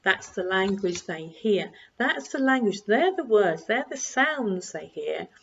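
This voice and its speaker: Older lady parenting coach talking to camera, calm and steady, bit dull lo-fi sound. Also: medium pitch, measured pace, gravelly, a little hiss or hum. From United Kingdom. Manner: calm, repetitive, acts out quoted dialogue. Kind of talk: direct-to-camera advice talk. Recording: slightly dull lo-fi recording.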